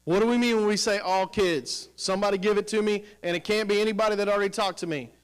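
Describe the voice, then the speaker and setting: A high-pitched middle-aged man runs a professional development session for teachers in a school room. He talks in an energetic, questioning way, prodding the tables for answers. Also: quick pace, clean tone, low-quality recording. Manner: energetic, questioning, coaxing the audience. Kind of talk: teacher training workshop.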